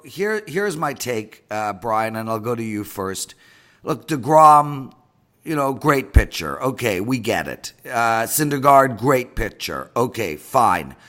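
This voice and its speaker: A man's voice: mid-range voice, a bit bright. A man hosting a sports betting talk show, giving blunt, emphatic opinions. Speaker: host.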